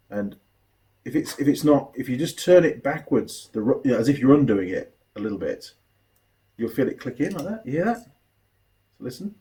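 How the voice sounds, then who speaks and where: Mechanic host, animated pitch, loose chatty storytelling. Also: male voice. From New Zealand. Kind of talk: casual chat while building a model kit.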